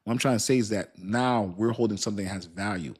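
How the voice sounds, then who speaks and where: Man, low voice, livestream host, casual slangy talk, rambling restarts. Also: quick pace, slightly rough. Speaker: crypto channel host.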